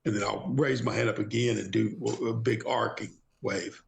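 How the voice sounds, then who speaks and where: A man's voice: on the low side, steady tone, normal speed, creaky, a little hiss or hum. A man playing a tabletop role-playing game, describing his character's actions in the first person. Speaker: player.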